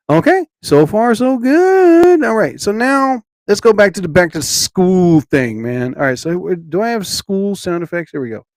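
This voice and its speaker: A man's voice: medium pitch, a little mellow, no echo. A man hosting a casual live stream, rambling and talking to chat viewers by name.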